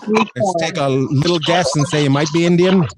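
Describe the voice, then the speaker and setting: A man doing crowd work as a comedian on a live stream, his voice sitting a little high for a man. He teases people with quick banter and keeps breaking into laughter at his own jokes. Heavy noise hangs under the whole recording. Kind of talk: crowd work with an online audience. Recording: loud background noise.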